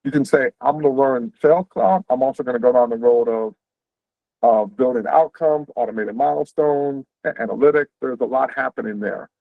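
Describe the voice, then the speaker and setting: A man hosting an info session on a video call, explaining career paths quickly and conversationally, checking in with "right?". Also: mid-range voice, creaky, dry recording. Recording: tinny, phone-like dry audio.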